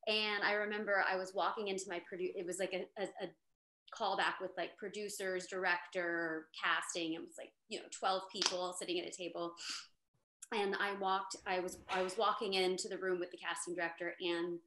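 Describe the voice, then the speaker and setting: A woman's voice: on the low side, little pitch movement, brisk, noisy background. Chatty woman in a roomy echo. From Texas, USA. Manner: chatty storyteller, lots of fillers and restarts. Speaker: actor on a panel. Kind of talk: casual panel chat.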